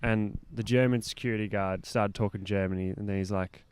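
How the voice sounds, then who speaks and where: Low, smooth-voiced young Australian man. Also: fairly even intonation, brisk, a little mellow. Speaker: podcast co-host. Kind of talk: casual chat.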